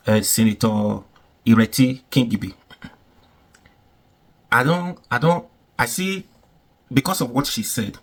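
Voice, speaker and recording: A man's voice: mid-range voice, breathy edge. A man giving casual, emphatic commentary, repeating himself and asking rhetorical questions.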